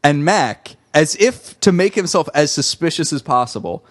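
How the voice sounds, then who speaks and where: A man's voice: fairly high pitch, expressive, moderate pace, dry recording. A man co-hosting a rewatch podcast, joking and riffing with puns in casual chat. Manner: joking, riffs with puns and mock voices. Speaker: podcast co-host.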